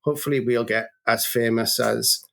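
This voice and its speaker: An agency co-founder, medium-pitched and creaky, speaks at a normal pace as a business interview guest. His manner is animated and story-driven, with frequent restarts.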